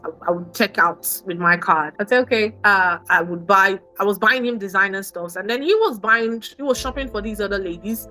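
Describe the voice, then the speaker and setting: Woman, podcast guest, bright forceful voice, emphatic storyteller. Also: medium pitch. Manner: emphatic, repeats phrases, acts out quoted speech. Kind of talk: personal storytelling in an interview.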